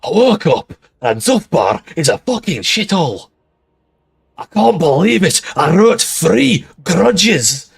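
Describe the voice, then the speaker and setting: A man's voice: sits high, big pitch swings, takes it slowly, creaky, husky, pitched above the performer's own voice, exaggerated voice. A man doing a foul-mouthed angry dwarf in a mock Scottish accent. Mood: ranting. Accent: attempted Scottish.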